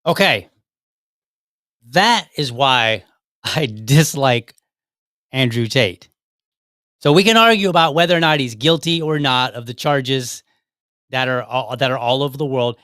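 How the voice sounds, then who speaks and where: A man's voice: medium pitch, expressive, normal speed, sharp tone, no echo, studio quality. Argumentative man hosting a podcast. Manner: direct, argumentative, repeats phrases. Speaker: podcast host. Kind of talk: commentary on a played clip.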